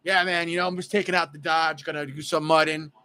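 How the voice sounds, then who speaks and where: A man's voice: fairly high pitch, little pitch movement, quick pace, pushed and bright, clear, resonant tone. A man putting on the voice of a rugged, boastful country man who drives trucks and herds cattle. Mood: swaggering.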